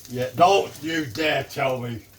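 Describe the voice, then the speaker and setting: An older man from England with a Manchester accent chats casually while cooking on a griddle for his cooking vlog, swearing lightly. His voice is medium-pitched and slow.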